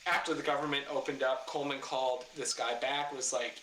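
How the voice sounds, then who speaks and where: Speaking briskly with few pauses at medium pitch, a man, once a racer and now a car builder, tells a story as a podcast guest. He loudly performs what others said, curses, and laughs along, the room echoey with faint background noise.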